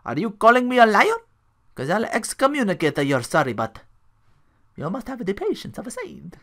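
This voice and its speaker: A man's voice: sits high, wildly swooping pitch, moderate pace, bright, forceful tone, voice pushed up, heavily acted. A man doing a comic, exaggerated impression of a cartoon Pope, an older man with a put-on Italian accent. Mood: blustering. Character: jolly loud elderly male Pope.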